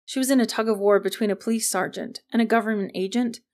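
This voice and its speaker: A woman reads an audiobook in an even, clear storytelling manner. Her voice has a noticeable gravelly fry, and her pitch sits in an ordinary middle range. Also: fast talker. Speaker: narrator. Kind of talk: audiobook narration.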